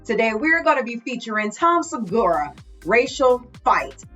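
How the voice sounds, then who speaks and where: A woman's voice: on the high side, big pitch swings, normal speed, pushed and bright. A woman hosting her reaction channel, opening with an upbeat, chatty greeting. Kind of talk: casual vlog intro. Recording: dull lo-fi audio with faint music.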